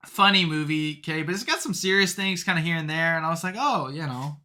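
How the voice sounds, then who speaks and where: A young man with a bright, forward voice chats casually as a podcast co-host. He rambles through his stories, piling on fillers, and grows animated when a story gets going. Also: on the high side, fast. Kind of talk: casual chat.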